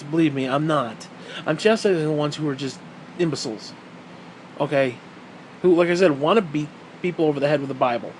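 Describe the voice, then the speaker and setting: A man on a profane, sarcastic rant, his voice sitting high and leaping up and down as he gets heated. He swears constantly and pushes every point hard. A faint hum of air conditioning runs behind him. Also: poor audio. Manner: mocks others in put-on quoted voices. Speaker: vlogger. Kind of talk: profane ranting monologue.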